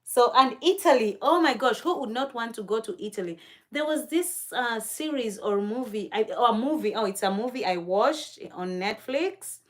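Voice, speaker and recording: A woman's voice: on the high side, expressive, normal speed. A young woman from Kenya hosting a casual livestream, chatting about places she wants to visit, gushing and laughing often, and answering viewer comments aloud. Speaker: livestream host. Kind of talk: casual live-stream chat.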